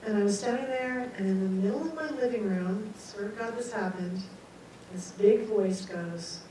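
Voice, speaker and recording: An older woman recounts a personal story to an audience, lively and expressive, slipping into her own quoted thoughts. Her voice sits at a middling pitch and carries a heavy room echo from a mic some distance away, with faint hiss underneath. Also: normal speed. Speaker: guest speaker. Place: meeting room at a talk. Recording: very echoey hall, mic far off, faint hiss.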